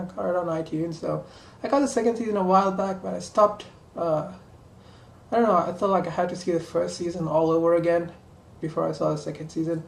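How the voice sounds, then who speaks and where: A woman's voice: mid-range voice, gravelly, a little mellow, roomy sound, a little hiss or hum. A woman chatting casually to camera while doing her makeup, rambling and talking to herself in asides. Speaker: vlogger. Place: small room at home.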